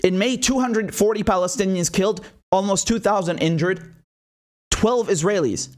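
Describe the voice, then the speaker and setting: A man's voice: sits high, moderate pace. A man delivering a heated, sarcastic political opinion monologue as host of his own show. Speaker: political commentator.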